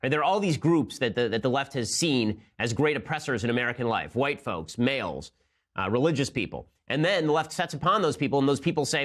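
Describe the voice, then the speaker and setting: Rapid-fire sarcastic male commentator. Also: medium pitch, lively intonation. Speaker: political commentary host. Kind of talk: political commentary monologue.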